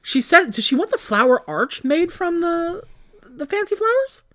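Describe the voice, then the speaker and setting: A young woman co-hosting a podcast, recapping a movie in casual chat, animated and swearing freely. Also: very high voice, moderate pace. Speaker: podcast co-host.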